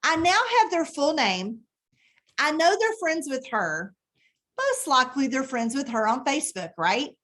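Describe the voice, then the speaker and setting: Casting: woman, fairly high voice, chatty team-leader type, talking into a phone mic. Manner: chatty, animated, thinks aloud while typing. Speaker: direct sales team leader. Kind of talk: casual live training talk.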